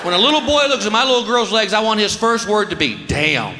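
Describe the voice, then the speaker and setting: A man in his forties performing a stand-up comedy routine, animated and exaggerating voices and shouts. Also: sits high, fast talker. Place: stage in a large hall. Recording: live hall with audience noise.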